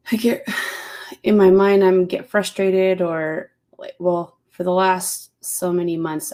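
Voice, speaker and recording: A lower-pitched woman with a mellow, creaky voice talks through her thoughts on a podcast. She speaks in a halting, reflective way, pausing to find her words. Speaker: podcast co-host or guest. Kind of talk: casual podcast chat.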